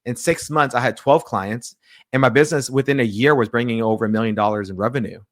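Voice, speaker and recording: A man telling a personal story in an interview, lively, acting out the people in it and often restarting his sentences. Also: medium pitch, quick pace, dry recording, studio quality. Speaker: pastor, interview guest.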